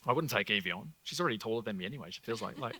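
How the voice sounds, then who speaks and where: A man's voice: on the low side, expressive, very fast, bright, forceful tone, slightly rough. An Australian man hosting a live stage show, talking casually with lots of fillers as he relays messages to an audience member. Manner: chatty, filler-heavy, swears casually. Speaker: psychic medium host.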